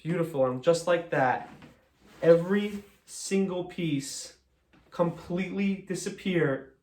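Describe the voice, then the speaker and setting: Chatty American magician, light tenor. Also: male voice, high-pitched, slow, darkish tone. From United States. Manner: chatty, joking, self-deprecating. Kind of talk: live magic show patter.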